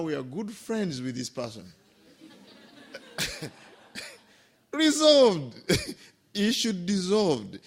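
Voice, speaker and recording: A man with a somewhat high-pitched voice gives a Buddhist teaching as a lively storyteller. He keeps checking in with the listeners through short questioning asides and delivers his lessons with light humor. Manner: animated storyteller, checks in with listeners by asking "Hmm?" and "Eh?"; gentle humor. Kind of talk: Dhamma talk with stories.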